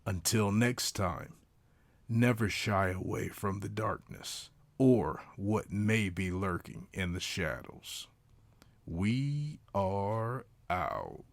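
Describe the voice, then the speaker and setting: Low-voiced man signing off slowly. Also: lively intonation, vocal fry, dry recording. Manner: deliberate, drawn-out outro delivery. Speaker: podcast host. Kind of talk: show sign-off.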